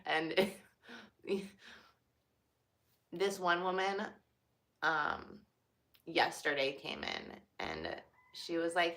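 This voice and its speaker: A young woman talks casually and openly about her work as a cashier, leaning on fillers like "like" and "you know." Her voice is bright and forceful, set a little on the low side. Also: very animated, extremely slow, long pauses. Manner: chatty, filler-heavy, heartfelt. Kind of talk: casual personal talk.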